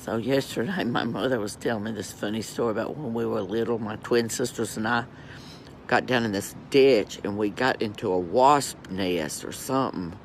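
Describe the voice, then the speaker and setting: A fairly low-pitched male voice at a moderate pace, with slight background noise. He's a vlogger at home during lockdown, casually telling campy, chatty stories to camera and swearing freely.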